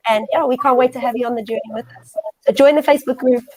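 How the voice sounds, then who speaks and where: Encouraging woman host, a touch high. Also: steady tone, low-quality recording. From South Africa. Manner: warm, encouraging, quick affirmations. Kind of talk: casual panel chat.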